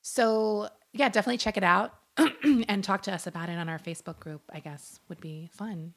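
A woman's voice: mid-range voice, normal speed. A woman co-hosting a podcast in casual chat, giggly and rambling. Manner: giggly, rambling, full of fillers. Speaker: podcast co-host.

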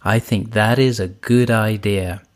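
A man playing an encouraging friend giving practical advice, unhurried. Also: lowish voice, steady tone, close to an everyday voice.

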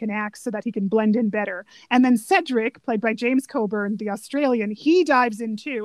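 A woman chatting casually about a favorite movie, animated and laughing often as she quotes lines. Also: on the high side, dry recording.

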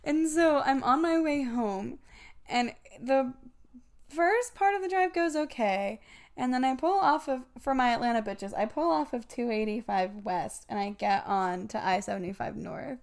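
A woman's voice: fairly high pitch, expressive, moderate pace, a little mellow. A woman in her twenties, co-hosting a podcast, telling a long story in casual chat. She rambles, swears often and laughs as she talks. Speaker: podcast co-host.

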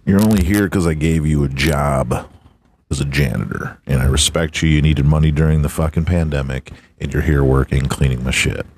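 A man's voice: extremely low pitch, normal speed, darkish tone, slight background noise. A man hosting a podcast, ranting bluntly and swearing constantly in a comedic tirade. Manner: foul-mouthed, blunt, ranting. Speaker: podcast host. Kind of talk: profane comedic rant.

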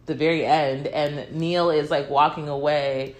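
A woman in casual chat about a film, animated and quick to push back and tease. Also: low voice. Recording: echoey room.

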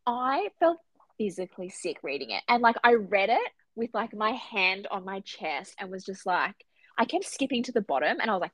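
A woman co-hosting a casual book podcast, animated and gushing, swearing freely as she talks. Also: mid-range voice, a little fast, no room sound. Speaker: podcast co-host.

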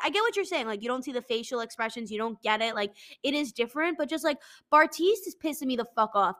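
A young woman hosting a podcast on a headset at her desk, ranting in a profane, animated, mock-angry way. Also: high voice. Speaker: podcast host. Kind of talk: casual comedic rant. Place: home desk.

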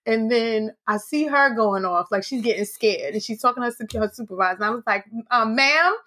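Podcast host, woman, bright tone, animated storyteller, salty language. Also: a little high, fairly quick. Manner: animated, swearing, acts out quotes. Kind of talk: casual storytelling chat.

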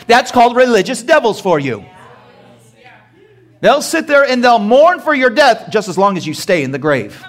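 A male pastor with an extremely high, fairly bright voice and big swings in pitch preaches at a moderate pace. He asks the congregation rhetorical questions and acts out short, humorous dialogue scenes.

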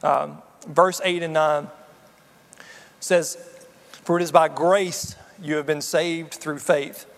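Earnest high-voiced man preaching in a hall. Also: steady tone, slow pace, vocal fry, long pauses. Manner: earnest, personal, addresses the congregation with frequent "okay?". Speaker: pastor. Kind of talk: sermon.

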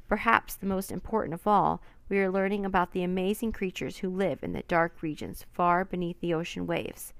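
A woman's voice: lowish voice, moderate pace, creaky, few pauses, dry recording. Woman doing a jovial, pompous old professor. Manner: pompous, lecturing. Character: jovial old male scientist lecturing.

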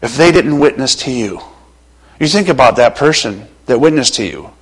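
A male pastor preaching a sermon with passion, moving between loud urging and hushed, quiet passages, his voice a little strained. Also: mid-range voice, expressive, normal speed, breathy edge, poor audio.

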